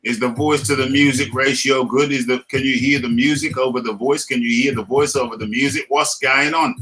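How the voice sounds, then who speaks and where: A man's voice: medium pitch, fairly even intonation, brisk, bright, forceful tone, rough recording. A man with a British accent hosting a casual live stream, playful and laughing often, repeating his lines as he reads the chat.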